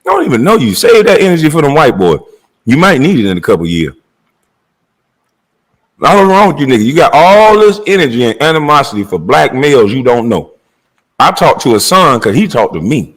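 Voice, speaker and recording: A man's voice: medium pitch, big pitch swings, fairly quick, poor audio. A middle-aged man delivering a heated, blunt and profane monologue rant as a commentator.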